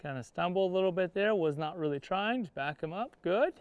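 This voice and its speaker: A man's voice: high voice, animated, a little fast, smooth, narrow, tinny audio. A man teaching horse training while riding, coaching the horse in short words and explaining to viewers in plain-spoken cowboy talk. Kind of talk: instructional riding lesson. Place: outdoor riding arena.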